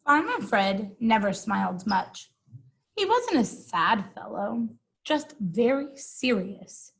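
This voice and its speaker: Slow, husky woman reading a storybook aloud. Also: fairly high pitch, very animated, poor audio. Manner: casual, amused, talks to listeners as "guys". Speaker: storybook reader. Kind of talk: reading a picture book aloud with chatty asides.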